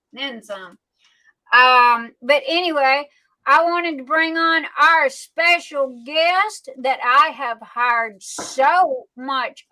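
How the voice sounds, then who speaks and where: A woman's voice: high-pitched, bright, forceful tone, low-quality recording. A woman hosting a livestream, chatty and affectionate in her talk. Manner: chatty, affectionate, folksy Southern phrasing. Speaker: livestream host. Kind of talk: casual livestream chat.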